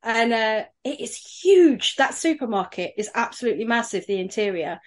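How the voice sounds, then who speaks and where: A woman's voice: a little high, expressive, normal speed. A woman guest on a podcast, telling stories chattily with plenty of fillers. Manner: chatty storyteller with many fillers. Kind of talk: casual chat.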